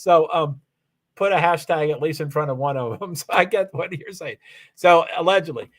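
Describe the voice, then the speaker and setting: A man talking casually into his computer mic on a live stream, his voice sitting a little higher than most men's. He rambles and corrects himself as he goes, with plenty of ums and asides. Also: lively intonation, moderate pace. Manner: rambling, self-correcting, chatty with frequent fillers. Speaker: live streamer reading chat. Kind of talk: casual livestream chat.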